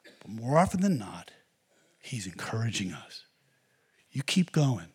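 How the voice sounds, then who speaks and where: A husky-voiced man preaches a sermon from the pulpit. He presses earnestly on his congregation, urging them on line after line. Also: on the low side, very animated, unhurried. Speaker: pastor.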